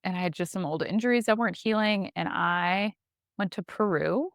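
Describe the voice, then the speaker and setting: A woman co-hosting a casual podcast, telling a personal story in an animated way with lots of "like". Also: medium pitch, normal speed, no room sound, clean studio sound. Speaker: podcast co-host.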